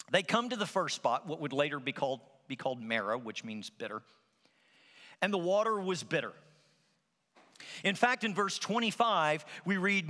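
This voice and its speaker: A pastor preaches a sermon in a large church hall, telling stories animatedly and acting out the quotes. His voice is a little high, trailing off into a long reverb.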